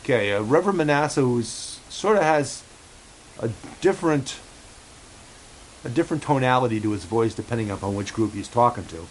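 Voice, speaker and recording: A man talks in a halting, meandering way, stopping and restarting his sentences and filling the gaps with ums. His voice sits at an ordinary middle pitch. A faint steady hiss runs under the recording. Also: rough recording. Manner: halting, many fillers and restarts, relays a cat's remarks. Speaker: host of a home-made pet show. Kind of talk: rambling casual monologue.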